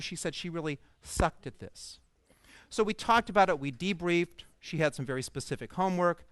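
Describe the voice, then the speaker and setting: Man, conference speaker, humorous storytelling, higher voice, smooth and resonant, dry sound. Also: a bit bright, no echo. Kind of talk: storytelling keynote talk to coaches. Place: event stage before an audience.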